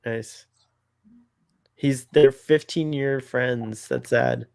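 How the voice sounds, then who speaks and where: A man's voice: mid-range voice, fairly even intonation, very slow, creaky, a little mellow. A man co-hosting a casual fan commentary, playful and chatty, often laughing at what he sees. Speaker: podcast co-host.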